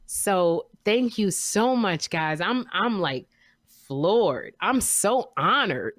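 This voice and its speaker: Excitable woman podcast co-host, dry sound. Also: medium pitch, slow, no echo. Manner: excitable, gushing exclamations. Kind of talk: casual chat.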